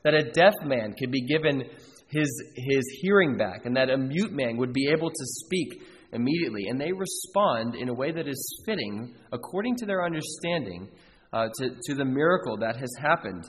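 A man's voice: medium pitch, expressive, moderate pace, big-room sound, a little hiss or hum, low-quality recording. A man preaching a sermon as a pastor, earnest and emphatic, repeating key phrases for weight. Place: church sanctuary.

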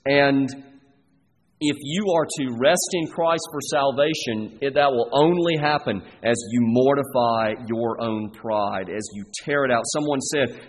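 A man preaching a sermon as pastor, earnest and deliberate, pausing between phrases. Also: medium pitch, in a large hall, a little hiss or hum.

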